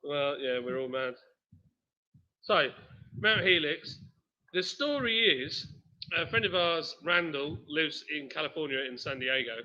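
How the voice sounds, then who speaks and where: A man's voice: fairly high pitch, unhurried. A man hosting a casual live stream from a brewery, joking and reading out viewer comments. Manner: jokey, animated, reads comments aloud. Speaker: brewery host. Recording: dull lo-fi live stream audio.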